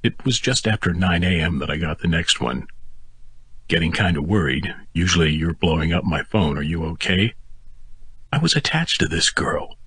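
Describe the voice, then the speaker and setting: A man narrating a first-person audiobook in a steady, intimate manner on a close mic. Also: low voice, normal speed, slightly rough, no echo.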